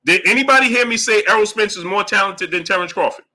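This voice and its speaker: A man hosts a boxing live stream and argues his point emphatically, firing off rhetorical questions between super chat shout-outs. His voice sits fairly high and sounds very bright and forceful. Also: quick pace. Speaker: boxing show host reading super chats. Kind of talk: heated live-stream commentary.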